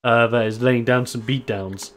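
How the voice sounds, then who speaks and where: Man, game master, casual narration, laughs a lot, middle pitch. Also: steady tone, moderate pace.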